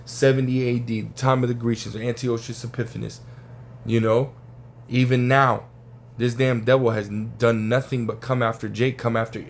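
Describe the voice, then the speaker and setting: A man's voice: medium pitch, vocal fry, a little hiss or hum. Profane, casual man teaching scripture. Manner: casual and profane, frequent "right?" and "man" tags. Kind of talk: informal religious teaching.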